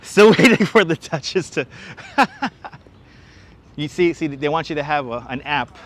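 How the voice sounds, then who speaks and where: A man's voice: fairly high pitch, animated, slow, fairly bright tone. Chatty man livestreaming from city streets. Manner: chatty, greets viewers and reads their comments aloud; enthusiastic. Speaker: livestream host. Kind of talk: casual walking livestream chat. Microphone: wireless clip-on mic.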